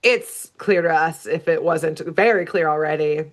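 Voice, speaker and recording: A woman co-hosting a podcast, chatting casually as she recaps a cartoon episode in an animated, storytelling way. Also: low voice, unhurried. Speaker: podcast co-host.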